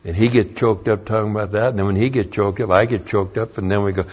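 A man's voice: fairly low pitch, fairly even intonation, fast talker, darkish tone, breathy edge. An older man preaching a sermon as a pastor, moving between folksy storytelling and emphatic preaching. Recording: dull lo-fi sermon recording.

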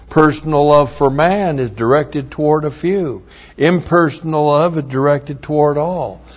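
A man's voice: on the high side, a little mellow, dull audio. A man preaching a sermon, emphatic and blunt, with mocking asides.

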